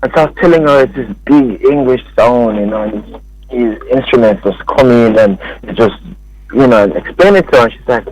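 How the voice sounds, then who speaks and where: A man's voice: mid-range voice, brisk, dry recording, low-quality recording. A man with a Jamaican accent, a music producer talking as a guest in a casual radio interview, telling stories animatedly and acting out what others said. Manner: animated storytelling that acts out quoted speech. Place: radio studio.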